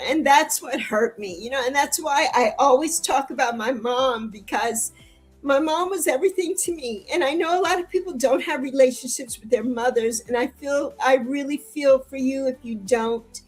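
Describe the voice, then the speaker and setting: A woman's voice: high-pitched, moderate pace, slightly rough, faint music behind, rough recording. An older woman in an interview, speaking in a heartfelt, repetitive way that rises into tearful pleading. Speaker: interview guest. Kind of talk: emotional interview conversation.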